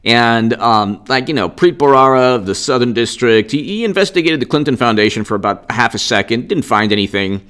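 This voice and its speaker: A man's voice: mid-range voice, lively intonation, a little fast, hardly any pauses, fairly bright tone, clear, resonant tone. A man delivers a heated political monologue in a middle-range voice. He sounds combative and indignant, with sarcastic jabs throughout. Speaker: political commentator. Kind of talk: unscripted political commentary.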